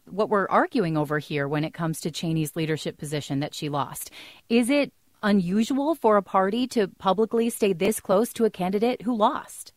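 A woman's voice: mid-range voice, no room sound, clean studio sound. A woman hosting a radio call-in show, conversational as she brings in callers and questions her guest. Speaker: radio talk show host.

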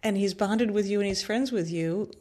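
A woman's voice: mid-range voice, moderate pace, mellow. Woman interviewer asking direct questions. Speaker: radio interviewer.

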